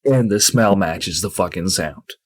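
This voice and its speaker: A man's voice: low-pitched, measured pace, darkish tone. Sleepy, swearing podcast guy. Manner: laid-back, swears a lot. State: sleepy, low energy. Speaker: podcast co-host. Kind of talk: casual chat.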